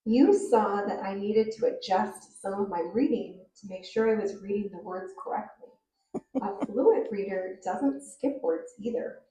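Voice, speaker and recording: A woman teacher explaining reading fluency in a clear, measured way and reading a story aloud to show it. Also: mid-range voice, warm tone. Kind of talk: reading instruction with read-aloud demos. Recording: roomy, distant recording.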